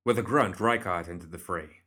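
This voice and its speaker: A man reading a story aloud as audiobook narrator, in a steady, measured way. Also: deep voice, slightly rough.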